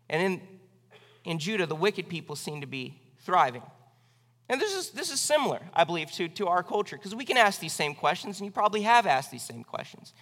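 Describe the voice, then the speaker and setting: Male pastor, high and bright voice, earnest sermon delivery with emphatic swells, recorded with long church reverb. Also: sing-song, fairly quick. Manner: earnest preaching, rising loud on emphatic lines. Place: church sanctuary.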